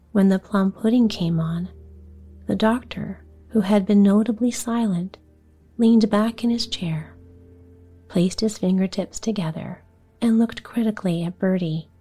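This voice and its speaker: A woman narrating a bedtime story for a sleep podcast in a hushed, slow, soothing voice. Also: medium pitch. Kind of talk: whispered bedtime story reading.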